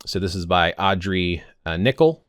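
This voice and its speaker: A man's voice: low-pitched, expressive, normal speed, fairly bright tone, no echo, studio quality. A man in his fifties talking casually to camera in a vlog, rambling and often stopping to correct himself. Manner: rambling, self-correcting, stumbles on words. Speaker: pagan vlogger.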